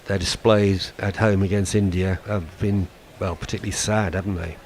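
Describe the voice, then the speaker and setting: Flat, low-voiced hesitant man. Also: moderate pace, a little hiss or hum. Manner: hesitant, tag questions. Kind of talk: discussion.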